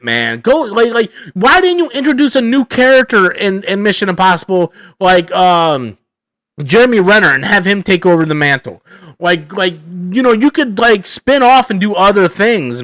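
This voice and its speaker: A man's voice: high-pitched, a bit bright, dry recording. A man hosting a live stream, rambling casually through chat questions, slangy and full of "man" and "bro".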